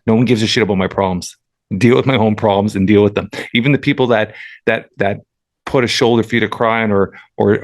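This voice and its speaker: A man hosting a podcast, talking in an earnest, reflective way and often restarting his sentences. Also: fairly low pitch. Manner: earnest and reflective, with many repeated starts. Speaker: podcast host. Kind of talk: casual chat.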